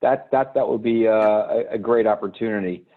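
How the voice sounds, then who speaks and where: A man's voice: lowish voice, brisk. Man hosting over a tinny line. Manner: rambling, hesitant, many fillers. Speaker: host. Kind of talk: hosting a live video call.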